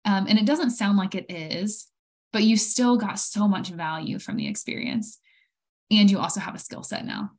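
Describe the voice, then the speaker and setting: A woman's voice: medium pitch, animated, normal speed, a little mellow. A woman hosting as a life coach, encouraging and upbeat, often saying "like" and "right". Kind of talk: interview.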